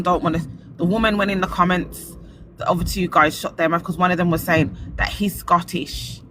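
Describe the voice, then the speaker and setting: A man's voice: fairly high pitch, background noise. A man hosting a casual live-stream podcast, animatedly retelling his arguments. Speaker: podcast host.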